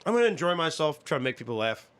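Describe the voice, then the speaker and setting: 30s guy, rambly podcast host, swears a ton, bright voice. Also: a little high, big pitch swings, racing, clear, resonant tone. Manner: rambling, swears a lot, many restarts and fillers. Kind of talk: casual chat.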